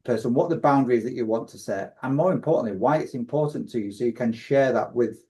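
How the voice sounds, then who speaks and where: This man hosts a podcast and sums up advice point by point, often restarting his sentences. His voice is warm and relaxed, sitting at a middling pitch. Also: fast. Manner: recaps points as a list, with frequent restarts. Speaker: coach and podcast host. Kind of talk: casual podcast discussion.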